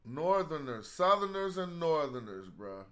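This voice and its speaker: A man's voice: fairly high pitch, very animated, a little slow, fairly bright tone. A man hosting a casual live study stream, thinking aloud in slang as he works through hieroglyphs.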